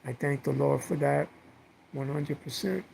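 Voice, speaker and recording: Middle-aged guy vlogging at home, gravelly voice sitting kinda high, rambly and heartfelt, says the same thing twice. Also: measured pace, darkish tone, slight background noise, poor audio. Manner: rambling, heartfelt, repeats words with many fillers. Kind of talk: casual personal storytelling.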